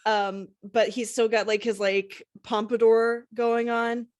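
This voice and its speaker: A woman's voice: a little high, flat delivery, slow. A woman running a tabletop role-playing game as game master, chatty and full of fillers as she describes the scene.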